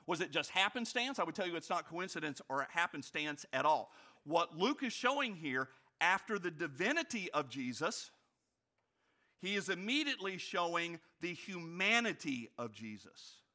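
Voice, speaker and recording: A man preaching a sermon as pastor, animated and emphatic, with rhetorical questions and humorous asides. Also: on the high side, moderate pace.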